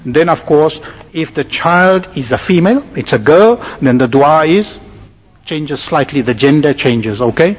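A man's voice: mid-range voice, expressive, moderate pace, slightly rough. A man giving a religious lecture, instructing his listeners step by step and checking in with "all right?" as he goes. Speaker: Islamic preacher. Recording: dull lo-fi recording with long hall reverb.

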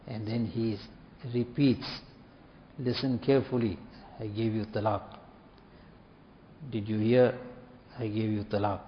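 A man giving a sermon in a mosque, measured and repetitive, dropping to soft tones for emphasis. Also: medium pitch, a little hiss or hum. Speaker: imam giving a talk. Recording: dull, reverberant hall recording.

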